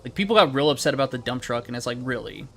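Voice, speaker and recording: A man's voice: mid-range voice, expressive, racing, creaky, a bit bright, faint music behind. A young man streaming a game, chatting casually with friends and chat in a rambling, profane, laid-back way.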